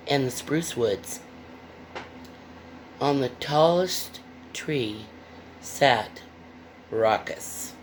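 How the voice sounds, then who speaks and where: A woman's voice: low voice, a little hiss or hum. A woman reading a picture book aloud with playful, chatty asides to young listeners. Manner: playful, expressive.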